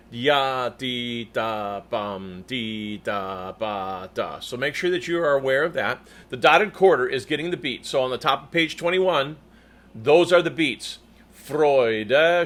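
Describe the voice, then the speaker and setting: A man with a bright, forward voice that sits a little high for a man coaches a choir section. He explains patiently and pronounces each word with care, speaking into a microphone indoors. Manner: clear, patient spoken instruction, careful diction. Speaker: choir conductor. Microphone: new microphone.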